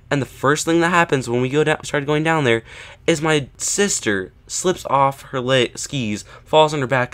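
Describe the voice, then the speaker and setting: A man's voice: mid-range voice, fairly bright tone. A man casually telling a story to camera, often checking in with "right?" and "okay?" and acting out what people said. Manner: acts out quoted lines with rising emphasis. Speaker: vlogger.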